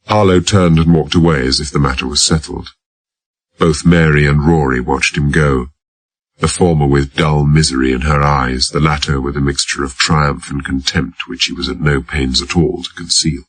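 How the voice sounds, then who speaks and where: A man narrating an audiobook in a measured, even storytelling manner. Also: extremely low pitch, no echo. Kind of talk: scripted narration.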